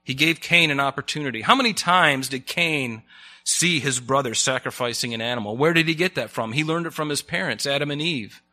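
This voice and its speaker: A man's voice: medium pitch, a little fast, sharp tone. A man preaching a sermon in a conversational way, often asking the congregation questions.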